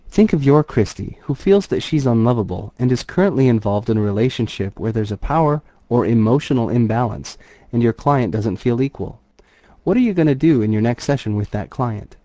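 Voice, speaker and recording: Mellow-voiced man reading a training course. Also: medium pitch, expressive, dry recording, highs cut off. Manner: measured, explanatory reading. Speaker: therapist and trainer. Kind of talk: scripted instructional narration.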